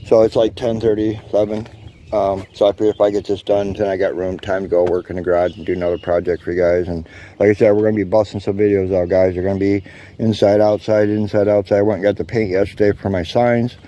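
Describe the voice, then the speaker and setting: A fast-talking man with a lowish voice vlogs from his yard, rambling in a relaxed way to his viewers, whom he calls guys, and using many ums. The sound is lo-fi.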